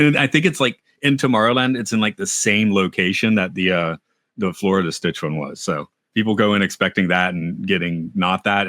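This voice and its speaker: Low-voiced man in casual podcast chat. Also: no room sound, studio quality. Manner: rambling, animated asides. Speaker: podcast co-host.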